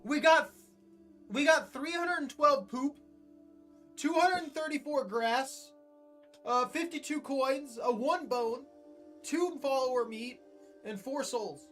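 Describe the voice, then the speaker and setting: A man's voice: very high-pitched, takes it slowly, pauses often, a bit bright, soft background music. A man giving chatty, joking let's play commentary as he reacts to the game. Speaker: gaming video creator.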